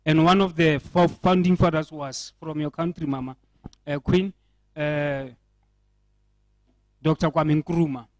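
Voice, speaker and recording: South African man, fairly high voice, earnest, rhetorical questions, dry close sound. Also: steady tone, measured pace, pauses often, dry recording, low-quality recording. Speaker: panel speaker. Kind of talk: panel discussion remarks. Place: indoor event.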